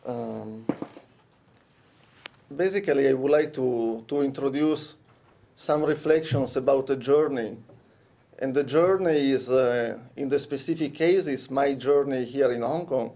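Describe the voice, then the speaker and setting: A man's voice: mid-range voice, a little slow, dark tone. Italian-accented man giving a hesitant talk. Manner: hesitant, many restarts and fillers. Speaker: conference speaker. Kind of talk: academic conference talk. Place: conference room.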